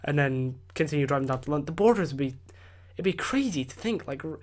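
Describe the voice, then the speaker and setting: A Scottish man with a fairly high voice hosts his podcast from home, tired and rambling. He rants in a loose, casual way, circling back with fillers and false starts. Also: lively intonation, quick pace. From Scotland. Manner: rambling, with many fillers and restarts. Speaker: podcast host. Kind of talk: casual solo rant.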